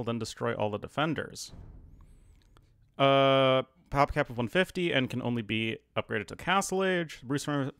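A man's voice: medium pitch, a bit bright, clean tone, dry recording, clean studio sound. A man playing a strategy game and reading its mission briefing aloud, stumbling over words with frequent fillers. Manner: reads briefing text with frequent fillers and restarts. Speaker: game streamer.

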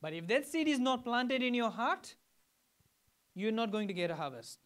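Fijian pastor preaching conversationally. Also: male voice, very high-pitched, sing-song, normal speed, fairly bright tone. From Fiji. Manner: conversational preaching with questions to the congregation. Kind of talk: sermon.

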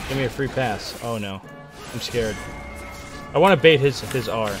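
A young man giving playful, excitable live commentary on his own video game match, trash-talking and hyping himself up. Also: mid-range voice, unhurried, pauses often, over music. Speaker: gaming streamer.

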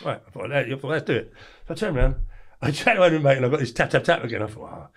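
Brief: English man, 40s, interview guest, rapid, blunt storyteller, mid-pitched. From England. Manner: blunt, animated storyteller who acts out quoted lines. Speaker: podcast guest.

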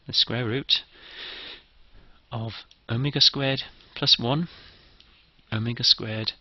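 A man's voice: mid-range voice, steady tone, slow, no room sound, muffled recording. A man giving a methodical, step-by-step engineering lecture.

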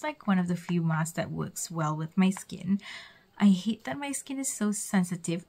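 A woman's voice: on the low side, darkish tone. A young woman vlogging her night routine in a chatty way, often dropping to a whisper. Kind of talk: casual vlog narration.

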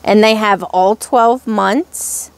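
A young woman in a casual haul vlog, showing off little charms and gushing over each one with drawn-out exclamations. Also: medium pitch. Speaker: crafts vlogger.

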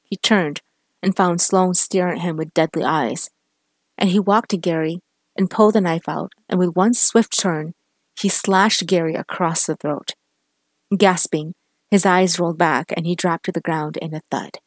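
Woman reading a crime story, low voice, close dry recording. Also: steady tone, normal speed, no room sound. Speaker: story narrator.

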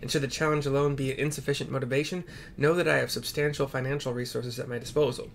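A man's voice: mid-range voice, fairly even intonation, quick pace, vocal fry, a little hiss or hum, lightly acted. A man reading as a pompous bounty hunter. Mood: smug. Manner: grandiose, old-fashioned formal phrasing. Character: pompous male bounty hunter, boastful and wordy. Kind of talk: reading game dialogue aloud.

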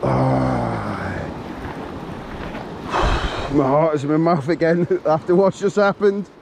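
On a beach, a fishing vlogger shore fishes while filming on an action camera, excitedly narrating and exclaiming to himself and to the fish. His voice is a little high and slow with vocal fry, and wind and surf noise carry through the outdoor recording.

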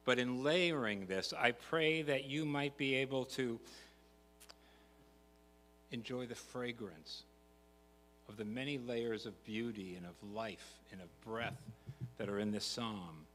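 A man's voice: mid-range voice, slow pace, long pauses, a bit bright. An older man, a pastor, preaching a sermon in a church, earnest and rising to emphatic repetition. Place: church sanctuary. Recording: long church reverb, faint hum.

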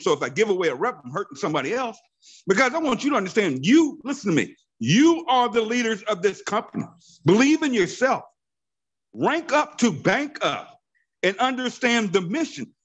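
A man's voice: high voice, breathy edge. A man in his fifties leads a motivational training call as a network marketing team leader. He talks in a fervent, preachy way and drives points home by repeating his phrases.

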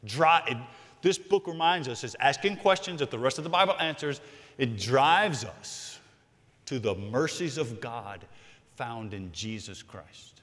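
A man preaching a sermon as senior pastor, emphatic, swinging from loud to hushed. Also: medium pitch, animated, a little slow, big-room sound. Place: large church sanctuary.

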